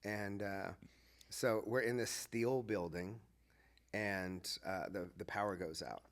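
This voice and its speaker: A man's voice: lowish voice, slow pace. A man, a former pastor, telling a story in a casual podcast conversation and acting out the lines of the people in it. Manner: animated, acts out quoted dialogue.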